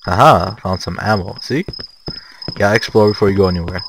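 A man giving jokey, panicky commentary while playing a horror game, often breaking into shouts. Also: low voice, brisk, creaky, very noisy. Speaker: let's play gamer. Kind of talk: gameplay commentary.

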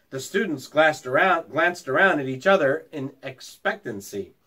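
A man who is a teacher, reading a children's book aloud in an expressive, lively way. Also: fairly high pitch, moderate pace, few pauses. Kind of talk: storybook read-aloud narration.

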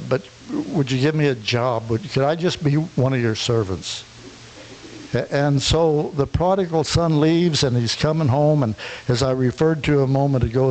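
A man's voice: medium pitch, a little mellow, poor audio. A man preaching a sermon, retelling a parable and acting out its characters, with frequent stammered restarts. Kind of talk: sermon storytelling. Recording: faint hiss.

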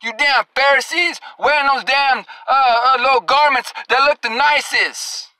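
A man's voice: very high-pitched, measured pace, pushed and bright, dry recording, poor audio. A male preacher delivering an angry, confrontational sermon, scolding and cursing at his listeners and drawing out scripture verses for emphasis.

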